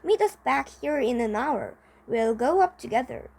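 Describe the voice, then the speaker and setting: A woman's voice: sits high, expressive, moderate pace, darkish tone. A woman reading aloud, voicing an eager, scheming schoolboy skater in a storybook with an upbeat, persuasive manner.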